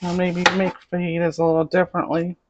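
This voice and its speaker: A woman's voice: lowish voice, completely flat delivery, fast, lo-fi sound. Chatty middle-aged woman cooking at home. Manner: chatty, rambling, talks to camera while cooking. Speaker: cooking show host. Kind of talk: casual cooking vlog. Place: home kitchen. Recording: noisy kitchen with clattering dishes. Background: pots, pans and dishes clattering.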